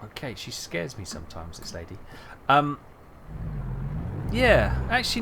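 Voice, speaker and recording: A man's voice: fairly high pitch, wildly swooping pitch, normal speed, gravelly, background noise. A man streaming a trucking game, rambling and thinking aloud with lots of fillers. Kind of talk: casual gameplay chat.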